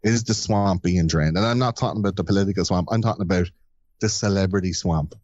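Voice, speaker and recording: A man's voice: deep voice, fast talker, a little mellow, no room sound, muffled recording. A man hosting a podcast in a playful, crude, teasing casual chat. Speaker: podcast host.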